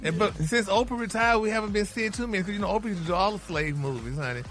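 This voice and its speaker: A man's voice: sits high, rapid-fire, fairly bright tone, faint music behind. Flamboyant man dishing celebrity gossip. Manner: flamboyant, peppers talk with "honey" and "y'all". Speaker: celebrity news reporter on a radio morning show. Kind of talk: gossipy radio chat.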